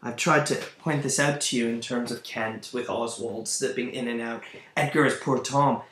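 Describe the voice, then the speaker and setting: A man's voice: mid-range voice, fairly even intonation, moderate pace, a bit bright. A man lecturing on a play, thinking aloud as he goes, searching for words and restarting his sentences. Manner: thoughtful, searching, with fillers and restarts. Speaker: literature lecturer. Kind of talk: recorded lecture. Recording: roomy echo.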